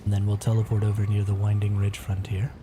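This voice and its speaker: A man's voice: lowish voice, completely flat delivery, fast, noisy background. A man chatting casually as he streams a survival game, talking to viewers and reading their chat aloud. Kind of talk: casual gameplay commentary.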